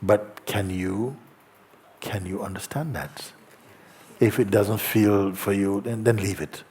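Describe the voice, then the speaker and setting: Man, spiritual teacher, gentle, low voice, unhurried, faint background ambience. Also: steady tone, a little hiss or hum. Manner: slow, gentle, soft-spoken with long pauses. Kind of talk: satsang talk, reading a letter aloud. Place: outdoor gathering with faint ambience.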